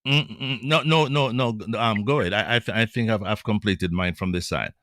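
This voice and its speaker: Low-voiced, hesitant radio co-host man. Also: moderate pace, fairly bright tone, dry recording, studio quality. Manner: hesitant, many fillers. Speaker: radio co-host reading listener comments. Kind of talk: gospel radio chat.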